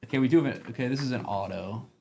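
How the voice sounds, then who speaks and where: A man's voice: medium pitch, creaky, warm tone. A man hosting a live sports card break, reading off player names from the cards he opens. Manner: rapid name roll-call of cards.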